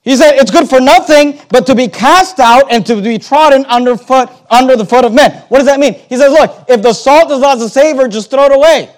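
A man preaching a sermon, emphatic, slowing down on key words, repeating phrases and turning to the congregation with asides. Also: very high-pitched.

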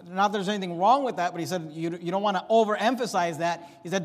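High-voiced emphatic preacher in a reverberant hall. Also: male voice, quick pace, hardly any pauses. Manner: emphatic, rising and dropping sharply for effect. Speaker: pastor. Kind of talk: sermon.

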